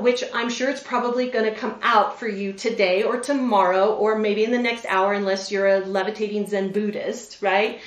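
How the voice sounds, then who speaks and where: Animated woman speaker, roomy and distant. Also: a little high. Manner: animated, checks in with listeners with frequent "right?". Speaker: veterinarian and public speaker. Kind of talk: motivational presentation. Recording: roomy sound from a distant mic.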